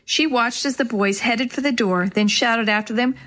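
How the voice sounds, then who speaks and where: A woman narrating a children's storybook chapter in a clear, expressive way. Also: fairly high pitch, normal speed. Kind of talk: storybook reading.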